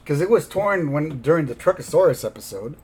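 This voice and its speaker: A man casually recapping a cartoon episode as a podcast host, halting and rambling. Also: on the high side, lively intonation, a little mellow, a little hiss or hum. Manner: rambling, halting, with fillers and restarts.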